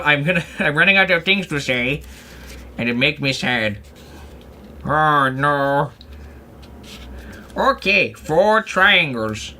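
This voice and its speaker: Male streamer, bright sharp voice, slow rambling goofy chatter. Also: fairly high pitch, slight background noise. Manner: rambling, goofy self-talk with playful asides. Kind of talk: casual livestream chatter while crafting.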